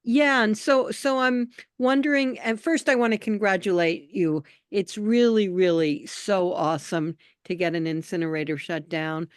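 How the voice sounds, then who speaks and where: A woman from New York state joining a video call, chatty and animated, often trailing off into quieter asides. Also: mid-range voice, normal speed, few pauses, clean tone, no room sound, clean studio sound. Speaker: call participant, activist. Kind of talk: casual video call conversation.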